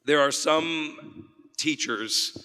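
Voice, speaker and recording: A man's voice: fairly high pitch, extremely slow, sharp tone, smooth, big-room sound. A man answering fan questions on a convention panel, chatty and laughing often, restarting sentences as he talks. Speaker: voice actor panel guest.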